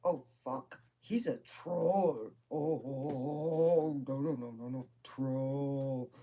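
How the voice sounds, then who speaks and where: A woman's voice: rumbling low, takes it slowly, warm tone, exaggerated voice. A woman doing a flustered, muttering uncle. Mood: dismayed.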